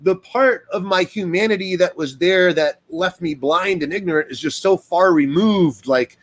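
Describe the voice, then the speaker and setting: A man, a dog trainer, talking casually in a rambling monologue full of fillers and acted-out quotes. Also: normal speed. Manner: rambling, lots of fillers, acts out quoted people in higher voice.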